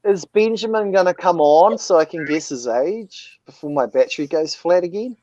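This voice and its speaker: A man's voice: sits high, lively intonation, moderate pace, dark tone, no echo. Chatty guy in his 40s on a phone call, kinda muffled and dry. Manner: chatty, rambling, hesitant. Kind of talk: casual chat.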